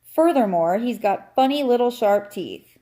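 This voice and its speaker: A woman's voice: a little high, lively intonation, a little slow, mellow, voice pushed up. A woman voicing a smug, know-it-all male house cat who lectures in a cool, condescending way. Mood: lecturing. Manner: coolly explaining, condescending.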